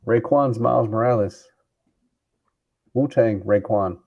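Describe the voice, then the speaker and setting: A man's voice: fairly low pitch, takes it slowly, phone-quality sound. A man co-hosting a podcast in casual chat, cursing freely and rambling as he searches for words. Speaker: podcast co-host.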